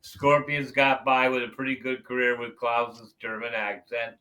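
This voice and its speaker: A man's voice: mid-range voice, flat delivery, normal speed, bright, forceful tone, poor audio. A man co-hosting a music reaction show, giving blunt, swear-filled opinions in casual banter. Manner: blunt, swears freely, hedges with "you know".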